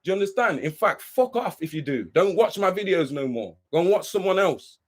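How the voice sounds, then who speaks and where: Young guy with a high voice going off on a live stream, swearing a lot, preachy, keeps going "you understand?". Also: sing-song, fairly quick. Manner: says he is worked up. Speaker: livestream host. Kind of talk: heated ranting monologue on a live stream.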